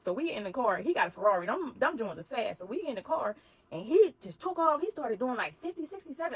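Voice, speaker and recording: A woman telling a personal story in casual chat, acting out the dialogue with animated energy. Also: fairly high pitch, quick pace, breathy edge, poor audio.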